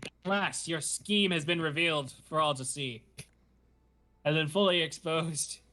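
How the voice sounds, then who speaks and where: A man's voice: on the high side, measured pace, pushed and bright. A man playing a grandiose, triumphant hero. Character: triumphant adult male hero making his entrance.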